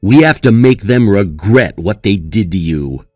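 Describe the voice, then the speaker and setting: A man plays a caring brother who sides with his upset sister. He sounds reassuring and sympathetic, with a lively pitch. The sound is dry and close, over faint music. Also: unhurried, no room sound. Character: caring young brother, supportive and indignant.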